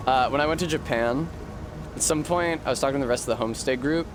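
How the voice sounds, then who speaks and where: A man's voice: mid-range voice, fast, noisy background. A young adult man from Rhode Island, a streamer chatting while gaming, rambling and swearing freely. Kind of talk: casual chat while gaming.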